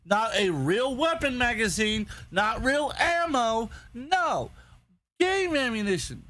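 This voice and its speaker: A man's voice: extremely high pitch, animated, takes it slowly, sharp tone. A man on a casual podcast, ranting angrily and swearing constantly, repeating himself as he gets worked up. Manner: angry, profane, repetitive ranting. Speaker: podcast host.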